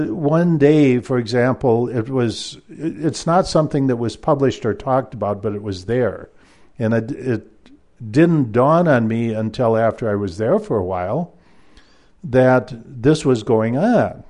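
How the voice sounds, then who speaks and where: A man's voice: mid-range voice, dark tone. A man who used to teach university math, telling a personal story in a rambling way, with many fillers and restarts. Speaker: former university math lecturer.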